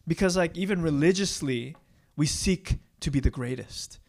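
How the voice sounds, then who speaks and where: Young guy preaching casual, kinda high voice, chatty and self-mocking, lots of "right?". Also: normal speed, a little mellow. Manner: candid and self-deprecating, many fillers and rhetorical "right?". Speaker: pastor. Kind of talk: casual conversational sermon.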